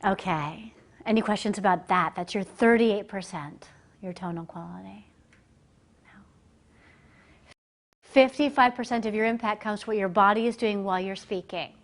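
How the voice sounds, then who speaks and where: A woman at a middling pitch stands before a roomful of people as a communication coach. Her delivery is lively and chatty, and she slips into quick impressions of the voices she quotes. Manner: animated and conversational, acting out quoted voices. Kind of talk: live business presentation to an audience. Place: presentation room, speaking standing before a group.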